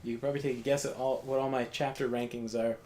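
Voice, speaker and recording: A man's voice: medium pitch, little pitch movement, fast, darkish tone, slight background noise. A man chatting casually and wryly while playing a video game with a co-host. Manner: chatty, wry, acts out quotes. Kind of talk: casual gaming chat.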